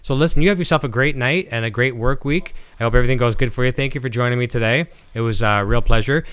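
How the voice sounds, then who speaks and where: A man's voice: medium pitch, fast talker, fairly bright tone, clean tone. A man with a Canadian accent hosting a casual livestream chat, signing off in a friendly, rambling way. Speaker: show host.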